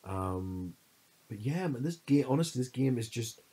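A man co-hosting a podcast, telling stories in an animated, casual chat full of fillers. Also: mid-range voice, moderate pace, husky, poor audio. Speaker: podcast co-host.

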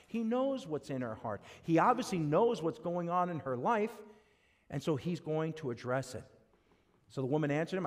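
An American man preaching an expository sermon as pastor, acting out quoted voices and often asking the congregation "right?". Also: fairly high pitch. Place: church sanctuary.

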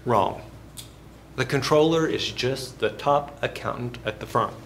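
A man's voice: mid-range voice, normal speed, a bit bright, a little hiss or hum. A male university instructor giving a classroom lecture. He asks the class questions and jokes between points. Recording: echoey classroom.

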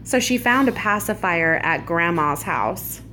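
A woman's voice: lowish voice, expressive, a little slow, sharp tone. Playful mom vlogging in her kitchen, bouncy voice, dishwasher whirring behind. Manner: playful, teasing, laughs often. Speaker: family vlogger, mother. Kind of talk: casual family vlog. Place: at home, kitchen. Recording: home video with dishwasher noise.

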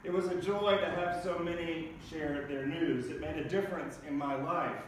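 A man preaching a sermon as pastor, telling funny everyday stories in a lively way. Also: on the high side, moderate pace, slight background noise. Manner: humorous storytelling preacher. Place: large church sanctuary. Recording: echoey church recorded from a distance.

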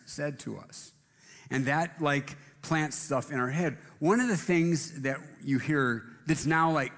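In a church auditorium, a male pastor gives a casual sermon, rambling and self-deprecating with many restarts. His voice is mid-range and a bit bright, echoing in a large hall.

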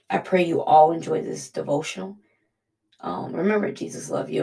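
A woman speaks a heartfelt devotional, earnest and halting, her voice catching with emotion. Her tone carries a gravelly, fry-edged texture. She sits some distance from the microphone, so the sound is a little removed. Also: fairly low pitch, huge pitch swings, dark tone. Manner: Southern-style "y'all".

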